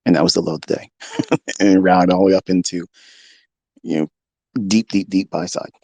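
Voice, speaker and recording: A middle-aged man, a trading mentor, speaking in a profane, combative rant from his home basement, moving between low musing and shouting. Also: fairly even intonation, a little fast, no echo. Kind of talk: unscripted rant to listeners.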